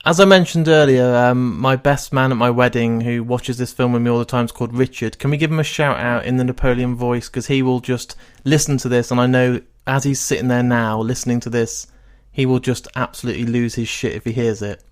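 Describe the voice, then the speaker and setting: A man's voice: mid-range voice, fairly even intonation, a little fast, clear, resonant tone. A man hosting a podcast, effusive and eager, interviewing a guest and wrapping up the episode. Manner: enthusiastic, effusive. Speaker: podcast host. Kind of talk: interview and outro talk.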